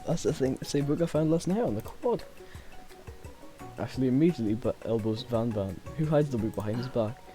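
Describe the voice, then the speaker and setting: A man's voice: medium pitch, expressive, fairly quick, warm tone, faint music behind. A man streaming a dating game, reading its text aloud with playful, laughing, joking asides.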